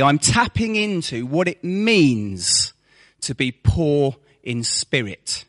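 A man's voice: medium pitch, a bit bright. A man preaching a sermon to his congregation, with rhetorical questions and mocking asides.

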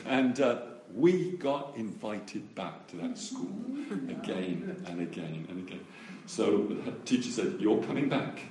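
A man preaching, telling a testimony story with animated delivery and acted-out voices. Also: fairly low pitch, takes it slowly, slight background noise. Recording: echoey room, voice from a distance.

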